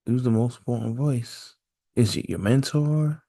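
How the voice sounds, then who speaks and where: The solo podcast host speaks in a mid-range voice with a dark tone and vocal fry, at a measured pace. He's casually musing aloud, repeating himself and posing rhetorical questions in rapid succession.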